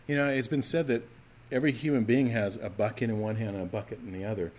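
A man preaching a sermon to his church, animated and emphatic, acting out the scripture's voices as he teaches. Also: on the low side, fast talker, a little hiss or hum. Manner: animated, acts out quoted lines, rising to emphatic calls. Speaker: pastor.

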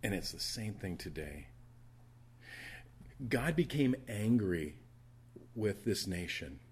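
A male pastor whose voice is on the low side and slightly rough preaches in church. He narrates a Bible story animatedly, adding asides and quick voices for its characters.

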